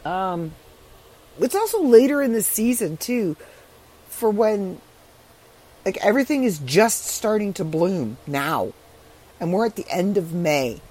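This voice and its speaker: A woman's voice: medium pitch, animated, a little slow, pauses often, a little mellow, poor audio. Congested middle-aged woman rambling. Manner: chatty, rambling, frank. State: congested, rough-voiced from allergies. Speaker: podcaster. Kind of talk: casual solo chat.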